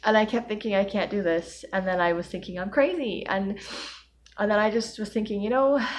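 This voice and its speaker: A young woman recording a personal video diary, emotionally overwhelmed, rambling and self-deprecating with nervous laughs. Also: medium pitch. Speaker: vlogger.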